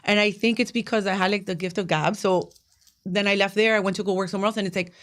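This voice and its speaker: Fast-talking chatty woman from Miami. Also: medium pitch, steady tone. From Miami, USA. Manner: chatty, laughing, emotional, storytelling. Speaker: guest. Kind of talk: casual interview chat.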